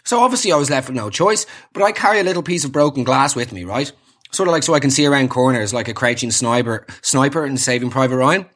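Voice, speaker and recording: A man's voice: medium pitch, lively intonation, fast talker, fairly bright tone. An Irish man delivering a sarcastic, exasperated comedic rant, slipping into mocking voices.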